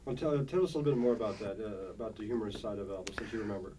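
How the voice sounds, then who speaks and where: A man interviewing a guest, asking brisk, prompting questions. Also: lowish voice, animated, dark tone, slight background noise, rough recording.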